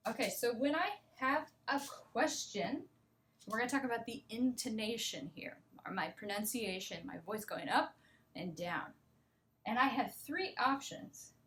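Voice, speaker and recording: An American woman teaching English pronunciation, explaining patiently and often checking in with her listeners. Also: a little high. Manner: slow, patient explaining with frequent "okay?" and "right?" checks. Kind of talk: relaxed accent lesson.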